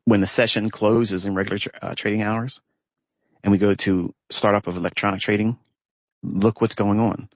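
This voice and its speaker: Low-voiced guy ranting from his pickup truck, scornful, leans hard on words, dry close sound. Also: steady tone, moderate pace, dry recording. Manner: emphatic, scornful, drags out stressed words. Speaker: trading educator. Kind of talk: unscripted ranting monologue. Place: inside a parked pickup truck.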